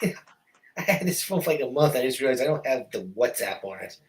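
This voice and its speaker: A man co-hosting a casual late-night chat, telling stories in an animated, laughing, profane way. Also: medium pitch, a little fast, far from the mic, poor audio. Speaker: co-host.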